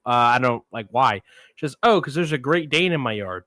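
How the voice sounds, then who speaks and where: A man's voice: mid-range voice, fairly quick, dry recording. A man co-hosting a film podcast, telling a long anecdote in casual chat and acting out the people he quotes. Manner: animated anecdote teller, acts out quoted voices. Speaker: podcast co-host.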